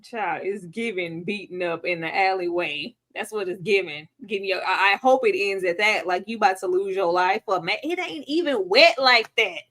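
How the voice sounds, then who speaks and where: A woman hosting a live video-call recap, sassy and slangy, acting out characters in quick voices. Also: medium pitch, fairly bright tone. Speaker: podcast host. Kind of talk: animated live recap chat.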